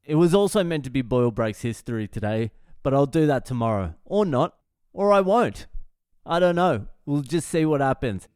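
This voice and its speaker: A man's voice: medium pitch, normal speed, clean tone, no echo, studio quality. A middle-aged man with an Australian accent, hosting a podcast and telling a story casually, swearing a lot and laughing at himself. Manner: profane, animated storyteller who laughs at himself. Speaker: podcast host.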